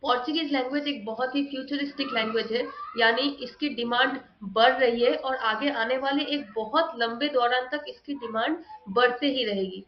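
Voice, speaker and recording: A woman teacher giving an online language lesson, explaining quickly and slowing down to spell out new words. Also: fairly high pitch, a little hiss or hum. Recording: echoey room, dull lo-fi sound.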